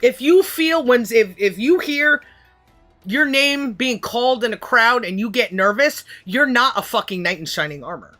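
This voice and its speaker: Bright-voiced woman musing and swearing. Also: on the high side, lively intonation, normal speed, soft background music. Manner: philosophizing with heavy swearing. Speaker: livestream host. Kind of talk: casual rambling chat.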